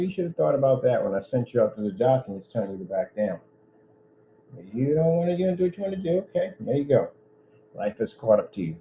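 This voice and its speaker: Speaking at medium pitch in a narrow voice, a man who runs his own business delivers an indignant vlog rant, repeatedly threatening one person he addresses directly. The audio is tinny with slight hiss or hum.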